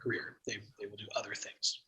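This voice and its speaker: Bright-voiced man leading a training. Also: lowish voice, level tone, echoey room, poor audio. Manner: measured, thoughtful, frequent um fillers. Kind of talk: training session talk.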